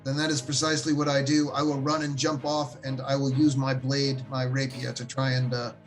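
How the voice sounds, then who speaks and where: A man's voice: mid-range voice, level tone, a little fast, music in the background. A man playing a tabletop game, describing his character's moves with playful, boastful, theatrical flair. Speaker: player. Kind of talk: tabletop role-play.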